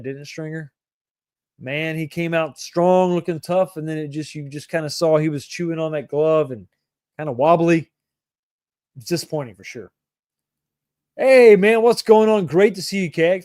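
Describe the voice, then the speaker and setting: A man's voice: fairly high pitch, darkish tone, no echo, clean studio sound. A middle-aged man hosting a livestream, casually chatting and joking while greeting viewers by name. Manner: laid-back, jokey, greets viewers by name. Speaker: livestream host reading chat. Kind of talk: casual chat.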